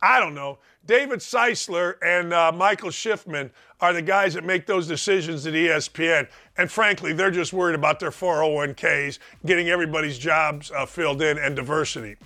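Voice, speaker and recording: Brief: middle-aged male sports host, high, bright and forceful, rambling and emphatic. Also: moderate pace, hardly any pauses. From Indiana. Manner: emphatic, rambling, repeats words for stress. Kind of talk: sports talk monologue.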